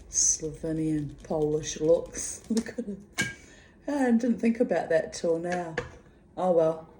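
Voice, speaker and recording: A woman's voice: sits low, mellow, a little hiss or hum. A woman talking candidly in a casual video diary, rambling and muttering asides to herself. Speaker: vlogger.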